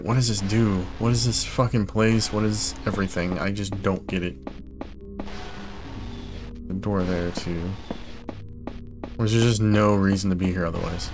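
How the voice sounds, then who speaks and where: A young man commentating a horror game as he plays, frustrated and confused, swearing often and breaking into loud startled yelps. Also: on the low side, steady tone, measured pace, pauses often. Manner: frustrated, swearing a lot, bursts of loud surprise. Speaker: gaming YouTuber. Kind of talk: let's play commentary. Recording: game music playing behind.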